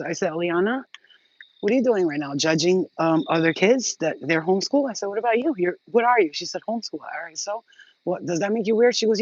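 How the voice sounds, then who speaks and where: A woman's voice: fairly low pitch, quick pace, dry recording, dull audio. A woman hosting her own channel, telling rambling, profane stories in a casual vlog. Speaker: channel host.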